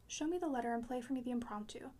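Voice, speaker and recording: A woman's voice: fairly high pitch, animated, very fast, mellow. A woman voicing a restless young married woman who asks insistently and pleadingly.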